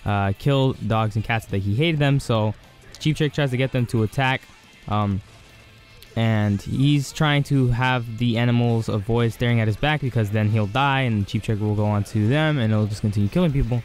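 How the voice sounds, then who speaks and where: A man's voice: mid-range voice, moderate pace, faint music behind. A man hosting his own channel, giving a casual, rambling scene-by-scene review of an anime episode.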